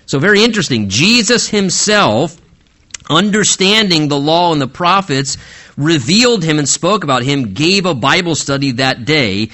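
A male pastor preaching a sermon, explaining scripture verse by verse and slowing down earnestly to stress key phrases. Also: fairly high pitch, expressive, sharp tone.

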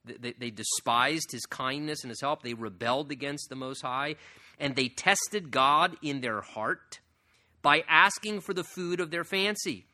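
A man's voice: mid-range voice, a little slow. A man preaching an expository sermon in a conversational way, often asking the audience questions and rising sharply for emphasis. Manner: animated, rises sharply for emphasis. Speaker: pastor.

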